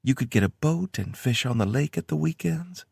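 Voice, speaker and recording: A man's voice: on the high side, animated, moderate pace, creaky, a little mellow, husky, no room sound, studio quality, pitched above the performer's own voice, exaggerated voice. A man voicing a playful, teasing young woman with a Kentucky accent in an audiobook. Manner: teasing, mock-serious. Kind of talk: audiobook character voice.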